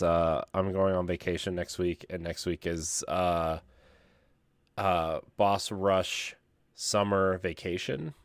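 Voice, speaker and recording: A man's voice: low-pitched, slow pace, dry recording, clean studio sound. A man co-hosting a gaming podcast, tired, joking and laughing through a rambling casual chat. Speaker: podcast co-host.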